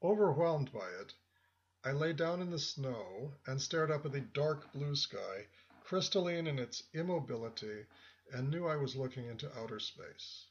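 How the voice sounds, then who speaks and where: A man reading a first-person story as narrator, in a measured, reflective way. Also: mid-range voice, expressive. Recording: dull lo-fi audio.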